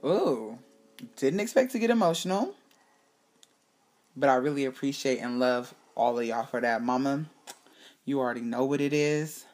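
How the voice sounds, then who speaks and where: A woman hosting her own show, telling a personal story in a candid, animated way, swearing freely and acting out what people said. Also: extremely low pitch, moderate pace, pauses often. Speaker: podcast host. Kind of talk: casual storytelling monologue.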